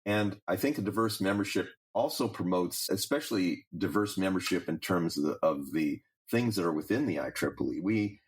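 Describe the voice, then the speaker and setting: Very deep-voiced man explaining at length. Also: lively intonation. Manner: measured, explanatory, listing examples. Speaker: guest, president of a technical professional organization. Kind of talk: conversational interview answers.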